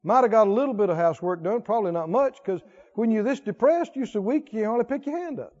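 A male preacher delivers a sermon full of rhetorical questions and emphatic repetition in a high, animated, fast voice. The recording is dull and lo-fi.

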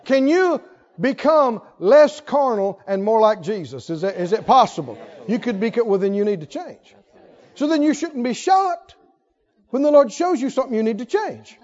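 A man's voice: extremely high pitch, expressive, moderate pace, darkish tone, long reverb tail, a faint crowd. A man preaching a sermon, emphatic and laughing often as he asks the congregation questions. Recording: dull lo-fi recording.

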